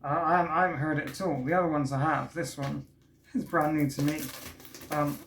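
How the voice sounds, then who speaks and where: Eager, chatty man with a higher voice. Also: steady tone, fairly quick, a bit bright. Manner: chatty and enthusiastic, often trails off and restarts. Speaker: vlog host unboxing vinyl records. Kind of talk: casual unboxing chat. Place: indoors at home, street works outside. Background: faint building work noise from outside.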